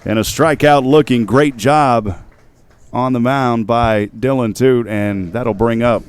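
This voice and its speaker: A man giving steady, measured baseball play-by-play commentary as the announcer. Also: clear, resonant tone. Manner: steady, measured calls of each pitch.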